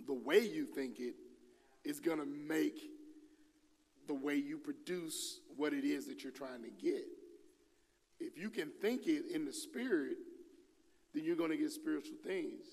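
A man preaching a sermon in a relaxed, conversational way, acting out quoted voices with casual slang. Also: fairly high pitch, big-room sound. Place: church hall.

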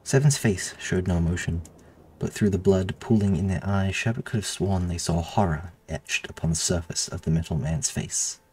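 A man reading his own story aloud in a steady, measured narration. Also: sits low, slightly rough. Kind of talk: audiobook narration.

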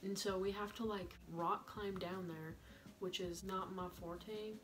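A young woman vlogger telling a camping story in a chatty, animated way, full of "like" and quoted voices. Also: mid-range voice, unhurried. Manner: chatty, animated, heavy use of "like". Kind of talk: story time vlog.

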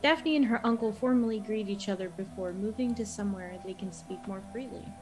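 A woman reading a recap of a tabletop game session as a player, with a steady, even storytelling manner. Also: mid-range voice, fairly quick, rough recording. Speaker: player recapping the last episode.

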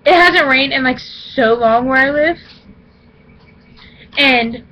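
A young woman vlogging at home in an excited, playfully dramatic way, often squealing. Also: high voice, slow, low-quality recording. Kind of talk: excited casual vlog. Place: indoors at home.

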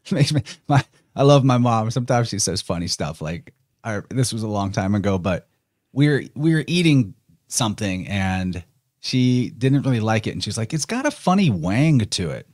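A man's voice: lowish voice, expressive, moderate pace, a little mellow, dry recording, clean studio sound. A man talking as a podcast guest, chatty and musing, laughing easily. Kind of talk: casual conversation.

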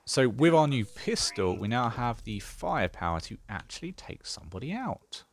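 A man's voice: mid-range voice, very animated, normal speed, creaky. A man casually talking through a strategy game as he plays, thinking aloud with dry sarcasm. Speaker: gaming channel host. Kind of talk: casual gameplay commentary.

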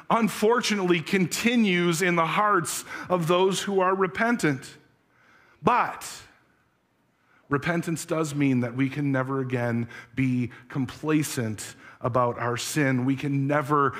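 A pastor preaching a sermon, earnest, asking the congregation searching questions. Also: male voice, medium pitch, a bit bright. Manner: tells a story with acted voices.

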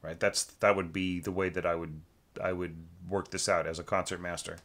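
A man's voice: deep voice, flat delivery, moderate pace, a bit bright. A man teaching orchestration, giving a rambling, casual critique of a student's score, full of fillers and sung-out rhythms.

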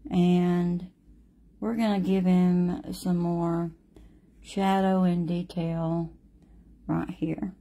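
Slow, gravelly woman teaching painting. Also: lowish voice, flat delivery, warm tone. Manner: slow, chatty, speaks to viewers by name. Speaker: watercolor painting instructor. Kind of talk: live painting lesson chatting with viewers.

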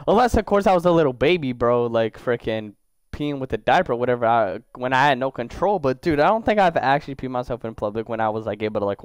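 A man's voice: mid-range voice, smooth, no echo, clean studio sound. A young man giving casual, slangy gameplay commentary, joking and talking to the characters in his game. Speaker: gaming YouTuber.

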